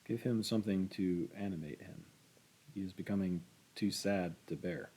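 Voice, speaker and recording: A scornful, blunt woman who scolds hard, as a male reader puts her on. The voice stays low and dark, with a husky grain, in a read-aloud novel. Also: moderate pace. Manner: louder, sharp scolding.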